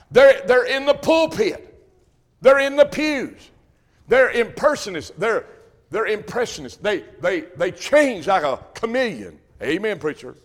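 A man preaching an emphatic sermon to his congregation, repeating phrases and rising to shouts. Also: high-pitched. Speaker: Baptist preacher.

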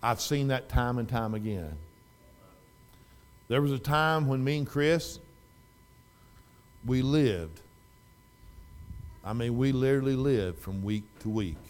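A middle-aged man preaching a sermon in a church, folksy, swinging from loud fervent exhortation to quiet storytelling. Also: medium pitch, slow, long pauses. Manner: folksy, repeats and restarts phrases.

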